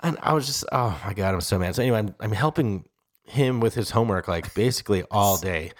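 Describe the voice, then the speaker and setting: A man's voice: lowish voice, expressive, fast talker. Exasperated man in his thirties ranting. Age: 30s. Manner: exasperated storytelling, swearing, voice jumping up when quoting himself. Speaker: podcast co-host. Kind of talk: casual chat.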